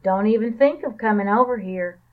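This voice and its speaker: A woman's voice: medium pitch, moderate pace, close to an everyday voice. A woman voicing a grumpy, lonely male rat who grumbles and answers curtly, with a tinny, phone-like sound. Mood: shouting. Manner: grumbling, curt.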